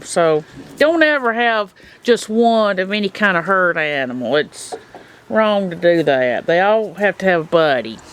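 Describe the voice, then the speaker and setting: A woman's voice: mid-range voice, slight background noise. A woman chatting casually in a video diary about her goats, talking fondly to the animals around her. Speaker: goat keeper. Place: outdoor farm pen with goats.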